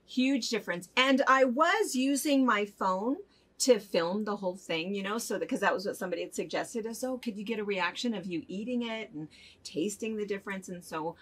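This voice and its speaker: A woman's voice: medium pitch, brisk, fairly bright tone, slightly rough. An older woman co-hosting a casual chat show, telling stories in a chatty way and laughing often as she goes. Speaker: co-host of a fabric shop chat show.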